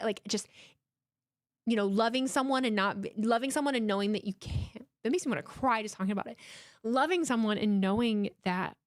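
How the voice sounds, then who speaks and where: A woman in her thirties hosts a live watchalong stream from home, chatting casually in an animated, emotional way, swearing freely and restarting her sentences. Her mid-range voice comes through in studio quality with no echo.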